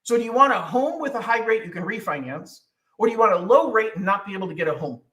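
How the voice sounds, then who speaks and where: A middle-aged man gives a casual market update in a high, bright voice and acts out other people's voices as he goes. The sound is roomy and echoey. He sits back from the mic. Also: lively intonation, fast, far from the mic. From California. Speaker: mortgage lender hosting a market update. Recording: echoey room, away from the mic.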